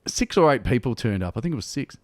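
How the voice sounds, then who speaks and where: An Australian comedian, a guest in a casual chat, tells stories and acts out the people he quotes as an animated storyteller. His voice is medium in pitch and fast, with no room sound.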